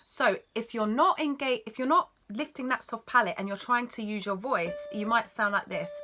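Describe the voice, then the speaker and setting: Faint music plays behind a woman teaching singing, her fairly high, sharp voice moving at normal speed. She encourages and instructs as she explains vocal technique, demonstrating notes herself.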